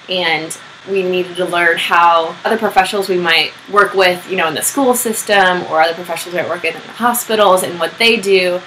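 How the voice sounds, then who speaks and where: A young woman music therapist chatting casually over a video call, laughing often and talking in quick bursts. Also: fairly low pitch, pushed and bright, a little hiss or hum, rough recording.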